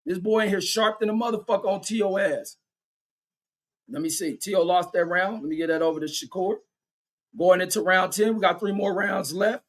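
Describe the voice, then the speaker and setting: High-voiced man calling a fight excitedly. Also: moderate pace. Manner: excitable, profane, cheering on one fighter; reads viewer chat aloud. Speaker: livestream boxing commentator. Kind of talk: fan play-by-play commentary.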